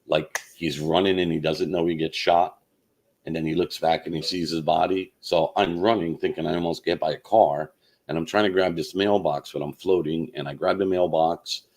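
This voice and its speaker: A man telling a personal story in a halting way, with many fillers and restarts. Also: low-pitched, steady tone, darkish tone. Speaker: channel host.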